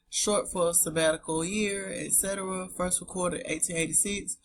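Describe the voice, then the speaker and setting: A woman's voice: lowish voice, a little hiss or hum. A woman with a Southern US accent, reading dictionary entries aloud to her viewers and breaking off for chatty asides. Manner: chatty, talks straight to viewers as "y'all". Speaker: online Bible etymology presenter.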